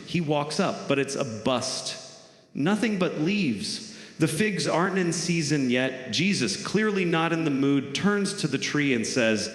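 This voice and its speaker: Stand-up comic, wry storyteller with a bright, forceful voice, in a reverby theater hall. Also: male voice, on the high side, animated, unhurried. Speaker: stand-up comedian. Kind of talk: stand-up comedy routine. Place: large theater stage.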